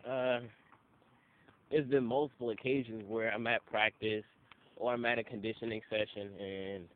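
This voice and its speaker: A man's voice: fairly low pitch, steady tone, normal speed. A young man telling casual stories, loose and profane, acting out the people he quotes. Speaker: interviewee. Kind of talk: casual storytelling. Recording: phone-like audio with faint noise.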